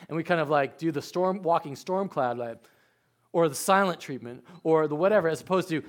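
A man, preaching a sermon with animated storytelling that swings from quiet to loud. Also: a little high, fairly quick. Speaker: pastor.

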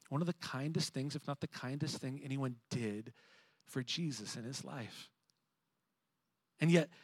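A man preaching a sermon, moving between animated emphasis and hushed, reflective passages. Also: a little high, dry recording. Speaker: pastor.

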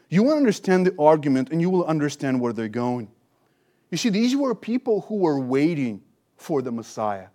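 A man's voice: fairly high pitch, mellow. A man preaching an expository sermon, teaching with emphasis and rhetorical questions. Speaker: pastor.

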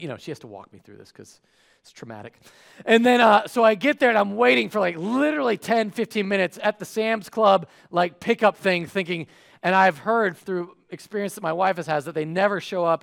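A man's voice: high-pitched, fast talker, gravelly. A man preaching a sermon, telling a funny everyday story and acting out the voices in it. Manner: animated, acts out voices. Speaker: pastor.

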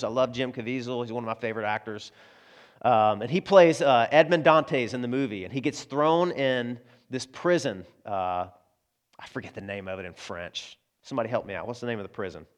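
A man preaches a sermon in an easy, conversational way, speaking straight to his congregation. He slips into voices for the quotes he tells, and his pitch sits in the middle range for a man. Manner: conversational preaching, asides to the congregation, frequent restarts; acts out quoted voices in prayer and dialogue. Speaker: pastor.

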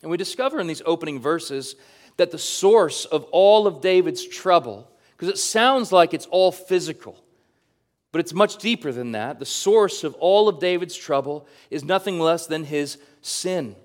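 Earnest guy preaching a sermon, reads scripture slow then leans in and talks right to the people. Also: fairly high pitch, expressive. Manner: speaks directly to the congregation. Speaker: pastor.

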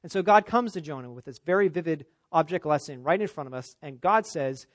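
A male pastor delivers an emphatic expository sermon, his fairly high voice pushing up on key points and sinking low for quiet asides. The sound is dry and close. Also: lively intonation, fairly quick, hardly any pauses, dry recording. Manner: emphatic, rising for stress, dropping low for asides.

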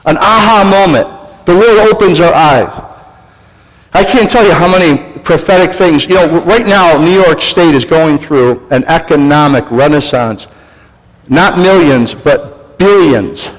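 A man preaching a sermon as pastor, animated, acting out voices and crying out for emphasis. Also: a little high, a little slow. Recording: long hall reverb.

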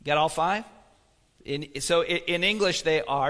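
A man's voice: a little high, measured pace, fairly bright tone, in a large hall. A man preaching a sermon as pastor, in a conversational manner, asking the congregation questions. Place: church sanctuary.

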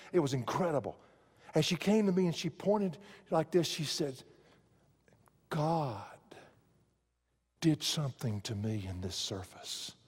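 A male pastor preaching a sermon, swinging from loud emphatic lines to hushed quiet ones. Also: on the high side, in a large hall.

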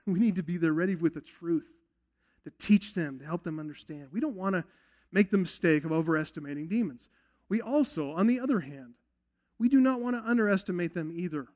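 A male pastor preaching an expository sermon, earnest and emphatic, often asking rhetorical questions. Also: high voice.

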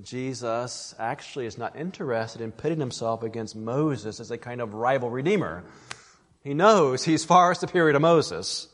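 A man's voice: medium pitch, in a large hall. A man preaching an expository sermon, earnest and emphatic, often addressing his listeners as friends.

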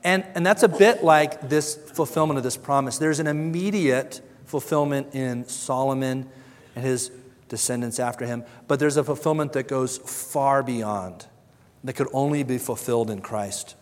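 A man delivering an earnest sermon in a voice of middle pitch. He talks in a conversational way and briefly acts out the voices of those he quotes. His words hang in the long reverb of a church hall. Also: normal speed. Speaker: pastor.

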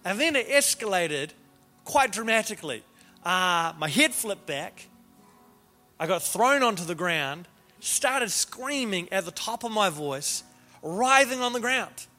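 A man with a high, bright and ringing voice preaches in a story-telling way, lively and quick to restart his phrases. His voice echoes through a large hall with long reverb, and soft music plays under him. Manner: animated, repeats words at the start of phrases. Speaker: pastor. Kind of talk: sermon storytelling.

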